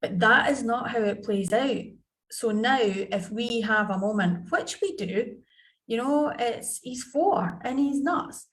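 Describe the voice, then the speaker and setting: A woman's voice: a little high, lively intonation, slow pace. A woman, telling parenting stories in a chatty, anecdotal way on a video call. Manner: chatty, anecdotal, acts out family dialogue. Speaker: podcast guest, parenting coach. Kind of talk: conversational interview.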